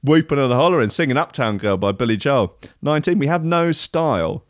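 A man's voice: medium pitch, animated, fairly quick, no echo, studio quality. An English man, a young adult, giving casual sarcastic commentary and swearing as he reads out a list. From England. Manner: sarcastic, swearing, laughs at own jokes.

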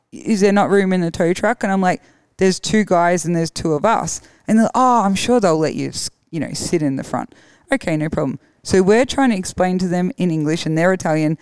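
An Australian woman, a rally co-driver guest, telling lively stories, acting out other people's lines and laughing often. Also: on the low side, clean tone, dry recording. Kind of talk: animated storytelling.

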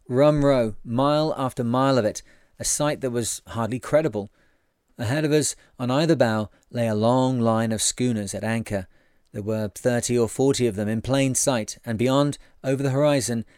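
A man's voice: medium pitch, a little mellow, dry recording. Man reading a sailing memoir, dry close sound. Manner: measured, storytelling. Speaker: narrator.

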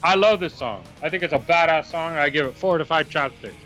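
A man's voice: fairly high pitch, animated, brisk, fairly bright tone. A man co-hosting a casual music chat, easygoing and defensive, with hesitant fillers. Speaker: music podcast co-host.

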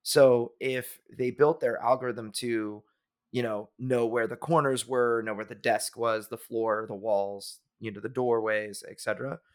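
A man's voice: medium pitch, fairly even intonation, measured pace. A man co-hosting a podcast in casual chat, rambling a little with restarts and fillers. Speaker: podcast co-host.

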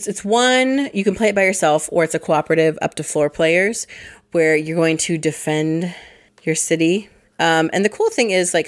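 A woman co-hosting a board game podcast in casual chat, hoarse from allergies, chatty with many fillers and laughs. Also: on the low side. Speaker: podcast co-host.

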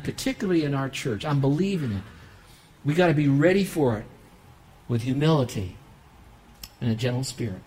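A pastor preaching a sermon in a church, emphatic and rising into loud bursts, then softening into a quiet prayer. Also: male voice, on the high side, low-quality recording.

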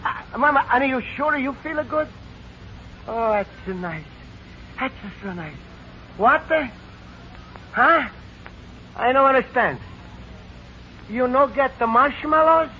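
A man's voice: extremely high pitch, animated, takes it slowly, pauses often, full character voice. An actor playing a sentimental Italian immigrant man in broken English with an Italian accent, in 1940s radio sitcom acting. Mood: excited, sentimental. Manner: broken English, laughing and emotional. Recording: dull 1940s radio broadcast, faint audience and hiss.

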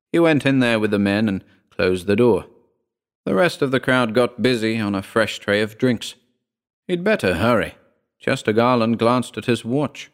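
A man reading a first-person story aloud in a wry, measured way. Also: medium pitch, expressive. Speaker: narrator.

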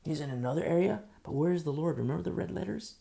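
Gravelly-voiced male pastor preaching. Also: on the high side, expressive, fast talker. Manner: emphatic preaching, swings between loud bursts and hushed asides; repetitive, with frequent fillers. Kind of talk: sermon.

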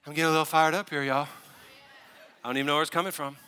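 Bright-voiced fired-up male pastor preaching. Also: a little high, very fast, pauses often, smooth, big-room sound. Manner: animated, building to fired-up preaching with asides. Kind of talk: sermon. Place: church sanctuary.

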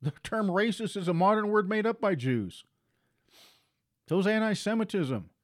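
This expressive preacher repeats himself forcefully at a moderate pace. As he drives home each point in his sermon, his voice grows higher and louder.

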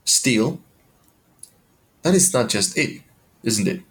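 A man's voice: medium pitch, expressive, slow pace, a bit bright. A man hosting a podcast, talking in a motivational monologue that is full of questions and casual swearing.

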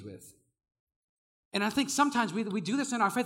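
High, bright-voiced young male preacher. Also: quick pace. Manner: energetic storytelling, laughs often, shouts when excited. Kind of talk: sermon.

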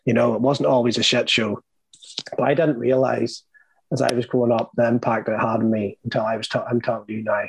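A man's voice: medium pitch, little pitch movement, brisk, vocal fry, slight background noise, rough recording. A middle-aged man with a Northern Irish accent telling his life story in a rambling, candid way, full of fillers and blunt swearing. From Northern Ireland.

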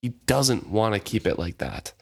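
A man co-hosting a casual book discussion who reads passages aloud and talks in a relaxed, conversational way. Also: on the low side, moderate pace, creaky, slightly rough.

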